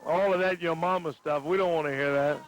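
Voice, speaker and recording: A man doing excitable play-by-play for a wrestling match. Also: a little high, fairly quick. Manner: excitable, exclaiming calls. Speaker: play-by-play announcer. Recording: noisy lo-fi TV broadcast.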